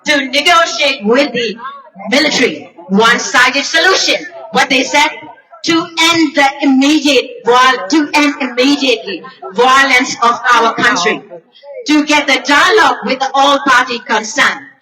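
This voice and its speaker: A woman delivers an emphatic, emotional protest speech at an outdoor rally. Her voice is high and bright, and she was recorded at a distance from the mic. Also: measured pace. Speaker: rally speaker.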